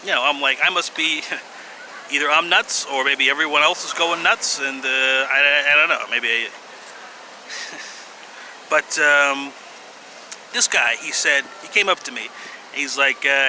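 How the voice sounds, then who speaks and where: A man's voice: medium pitch, a little slow, long pauses, sharp tone, rough recording. A man talking casually to camera in a rambling, hesitant way, full of fillers, sighs and wry little laughs. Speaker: vlogger. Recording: outdoor street noise behind.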